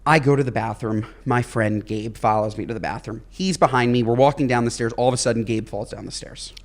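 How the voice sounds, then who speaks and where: A man's voice: medium pitch, brisk. A man co-hosting a podcast, telling stories in casual chat with playful mock outrage. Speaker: podcast co-host.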